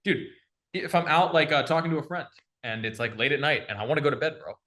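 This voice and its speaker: A young man coaching on sales in an energetic, slangy casual chat, calling the listener bro. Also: on the high side, quick pace.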